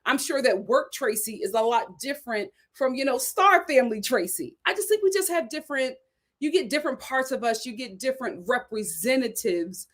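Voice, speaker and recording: A young woman with a light Philadelphia accent hosting a casual live-stream chat, talking in an animated way with frequent "right?" asides. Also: a little high, a little fast. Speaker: host reviewing a reality show.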